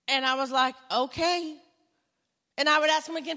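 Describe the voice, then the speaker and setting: A woman preaching a sermon, conversational and storytelling, building to emphatic, loud exclamations. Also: sits high, steady tone, a little fast. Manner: conversational storytelling with self-talk asides. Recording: long hall reverb.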